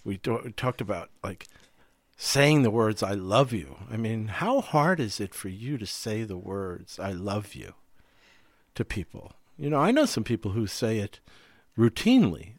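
A man co-hosting a podcast in relaxed conversation, thinking aloud with frequent asides. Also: on the low side, no echo, studio quality. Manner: reflective, thinks aloud with many "you know" asides. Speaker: podcast co-host.

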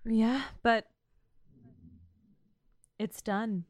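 A woman's voice: mid-range voice, steady tone, slow, pauses often, smooth, no room sound. A woman playing a tabletop role-playing game, speaking sincerely and earnestly in character. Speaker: player.

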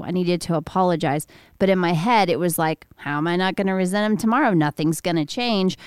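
Woman guest, slightly low and smooth, earnest and candid, dry sound. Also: a little mellow, no room sound. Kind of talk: casual faith-based chat.

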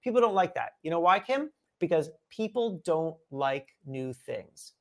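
A man's voice: fairly high pitch, sing-song, unhurried. A man, a guest author, telling a story in a casual chat with lots of energy, repeating and restarting words.

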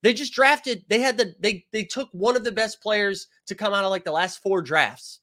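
A man's voice: high-pitched, normal speed, sharp tone. A man hosting a casual live-stream sports show, rambling and joking as he reads viewer comments aloud. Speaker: sports show host reading live chat.

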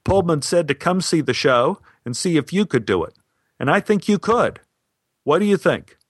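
A genial, upbeat older comedy filmmaker chatting brightly and briskly, as a male storyteller quotes him. The sound is dry and close, with nothing behind it. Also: on the high side, sing-song, breathy edge, no echo, pitched above the performer's own voice, heavily acted. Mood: cheerful.

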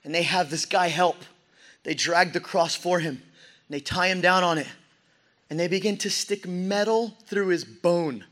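A young man preaching a sermon, telling the story dramatically and acting out quoted voices, dropping to a hush and rising to a shout. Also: high voice, moderate pace, slight background noise. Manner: dramatic storytelling, swinging between hushed and shouted lines; acts out crowd voices in quoted asides.

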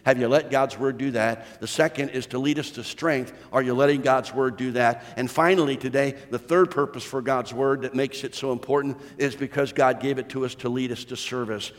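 A man's voice: medium pitch, fairly even intonation, a little fast, few pauses, in a large hall. A male pastor preaching a sermon, building emphasis with repeated phrases and rhetorical questions.

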